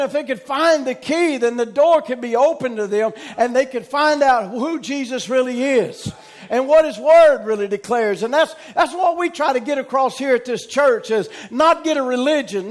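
Southern pastor guy preaching, real high voice, repeats himself a lot, says amen, gets shouty. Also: normal speed. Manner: emphatic, repetitive, calls out amen, rises to shouting. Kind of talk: preaching a sermon.

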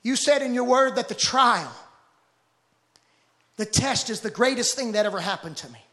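A man preaching a sermon with fervent, rhythmic repetition that builds to shouts. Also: very high voice, animated, normal speed.

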